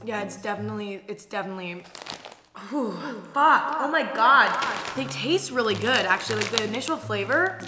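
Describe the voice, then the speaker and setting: A young woman vlogs a casual taste test, blunt and candid with the occasional swear. Her mid-range voice is expressive and moderately paced, with faint music playing underneath.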